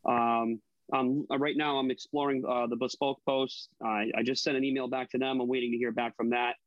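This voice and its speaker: A guest who creates online cooking content talks through his videos on a laid-back podcast, chatty and profane, with lots of hesitant fillers. He speaks briskly in a flat, mid-range voice. There's no room sound, but the highs are cut off.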